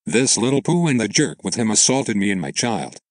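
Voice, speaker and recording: A man's voice: fairly low pitch, big pitch swings, a little fast, dry recording. A man reading a story aloud and voicing a furious, insulting entitled mother. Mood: angry. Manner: screaming insults. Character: shrill entitled mother, middle-aged, furious.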